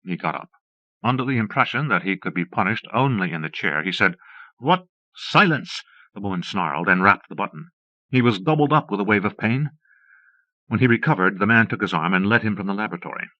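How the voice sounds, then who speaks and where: A man narrating an audiobook with a steady, measured delivery. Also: fairly low pitch, no echo. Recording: dull dry cassette audiobook.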